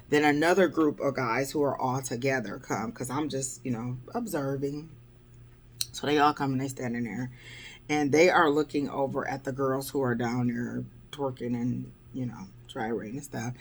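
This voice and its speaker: Gravelly-voiced woman telling dating stories. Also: a bass voice, slight background noise. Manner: wry, blunt, exasperated, peppered with "blah, blah". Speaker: vlogger. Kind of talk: casual storytelling vlog.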